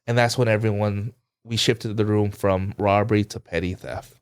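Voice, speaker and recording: With a smooth, lowish voice at normal speed, this male podcast co-host retells a story casually and animatedly, performing quoted lines and saying "like" a lot.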